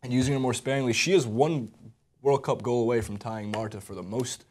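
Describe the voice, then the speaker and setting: A man's voice: mid-range voice, steady tone, fairly quick, darkish tone. A man co-hosting a casual sports chat, giving joking, offhand opinions on the players. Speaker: sports show co-host.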